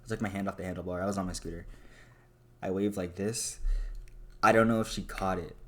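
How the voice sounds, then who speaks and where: Deep-voiced young man rambling confessionally. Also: fairly even intonation, a little fast, fairly bright tone. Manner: rambling, self-deprecating, swears casually. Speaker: vlogger. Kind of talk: casual confessional monologue.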